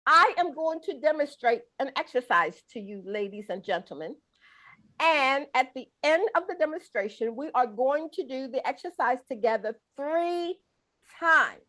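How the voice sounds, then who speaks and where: Playful high-voiced woman leading class. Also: expressive, moderate pace, sharp tone. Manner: playful, folksy, coaxing. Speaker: laughter exercise instructor. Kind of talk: leading a guided breathing and laughter class.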